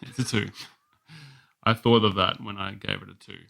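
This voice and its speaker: A man with a bright, forward voice trades crude, sarcastic jokes while reviewing a film. He talks in a loose, casual podcast manner. The recording is quiet and soft. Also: lowish voice, level tone, quick pace, creaky. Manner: jokey, sarcastic, crude humor. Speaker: podcast co-host. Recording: quiet, softly recorded audio.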